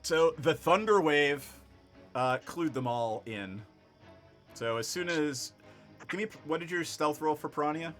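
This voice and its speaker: Over an online voice chat microphone, a man runs a tabletop game as game master, narrating the action in an easygoing way and laughing often with his players. His voice is on the high side, animated, unhurried and fairly bright, with soft background music.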